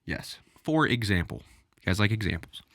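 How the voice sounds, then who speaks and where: A man's voice: lowish voice, big pitch swings, normal speed, fairly bright tone, dry recording, clean studio sound. A man hosting his own podcast, talking casually and rambling a little, addressing his listeners directly and getting out of breath. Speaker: podcast host. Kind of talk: solo podcast monologue.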